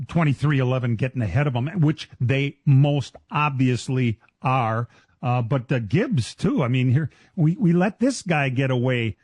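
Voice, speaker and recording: A man hosting a racing talk radio show, chatting casually and excitedly with frequent laughs and restarts. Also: medium pitch, dry recording.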